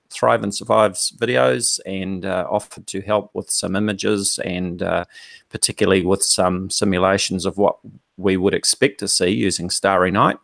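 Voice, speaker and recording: Low gravelly guy walking thru his screen share, dry close sound, lots of ums. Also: fairly bright tone, no room sound. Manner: measured, hesitant with many ums. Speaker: guest presenter.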